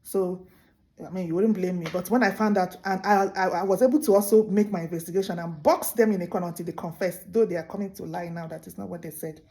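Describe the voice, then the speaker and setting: A woman hosting a show, telling a folk tale in an animated, casual way with many restarts. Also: lowish voice, fast talker. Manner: animated, full of restarts and laughs. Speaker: host. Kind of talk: casual storytelling to camera.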